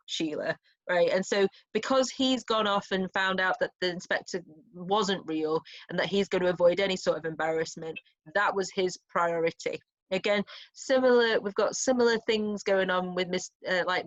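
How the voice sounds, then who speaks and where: A woman with a fairly low voice explains a play to students in a relaxed revision chat. She is thoughtful and chatty, thinking aloud as she goes, and the lo-fi recording sounds dull and muffled. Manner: thoughtful, chatty, with restarts and small laughs. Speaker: English teacher. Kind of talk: informal revision discussion.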